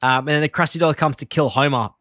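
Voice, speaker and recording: A man's voice: a little high, steady tone, fast talker, a bit bright, no echo, studio quality. Man recapping scenes with laughs. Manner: retells scenes quoting lines, laughing often. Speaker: podcast co-host. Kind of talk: casual chat recapping an episode.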